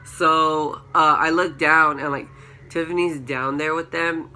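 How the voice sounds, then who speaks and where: A young man tells his storytime on camera, rambling and packing in fillers. His voice sits a bit high and sounds very bright and sharp. Faint room noise hums under it, and he leaps into excited shrieks when he acts out his own lines. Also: measured pace. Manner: excited, rises to high-pitched shrieks when quoting himself. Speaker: vlogger. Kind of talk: storytime vlog.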